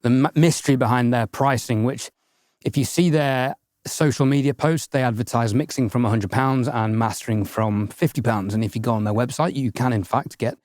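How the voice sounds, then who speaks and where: A man co-hosting a podcast in casual chat, giving measured advice. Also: mid-range voice, darkish tone, dry recording, clean studio sound. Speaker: podcast co-host.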